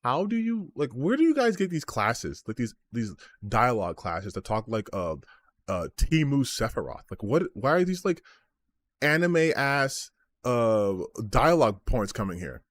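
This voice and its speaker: A man's voice: medium pitch, big pitch swings, unhurried, no echo. A man streaming as a gaming commentator, ranting about online comments with sarcasm, exasperation and frequent swearing.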